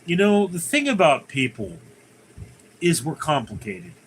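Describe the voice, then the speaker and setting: A man hosts a casual livestream, reading viewer comments aloud and answering them in a rambling, conversational manner. His voice is a little high and sing-song at a measured pace, and the low-quality recording has a bit of hiss or hum.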